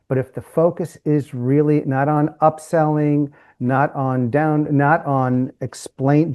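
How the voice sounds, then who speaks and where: A communication coach with a mid-range, dark-toned voice guests on a podcast, animatedly telling stories in an interview and acting out the people in them.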